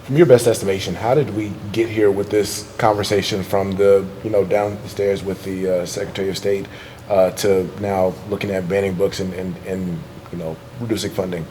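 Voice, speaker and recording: A man asking a halting, rambling question as a reporter at a press conference. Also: low voice, flat delivery, mellow, a little hiss or hum, poor audio.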